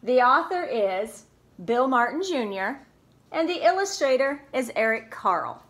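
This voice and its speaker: A woman's voice: high-pitched, very animated, a bit bright. A woman preschool teacher reading a picture book aloud to young children, with playful asides and questions. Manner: slow, sing-song storytime voice with playful asides.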